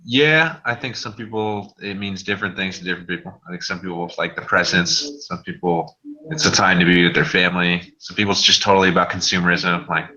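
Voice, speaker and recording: A man hosting a casual group chat, relaxed, laughing often and swearing freely. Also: sits low, brisk, lo-fi sound. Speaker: host of a group call.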